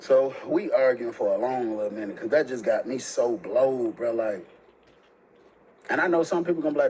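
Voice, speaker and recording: Animated slangy man telling a story. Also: moderate pace, slight background noise, rough recording. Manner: animated, slangy, jumps high when quoting himself. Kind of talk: casual storytelling.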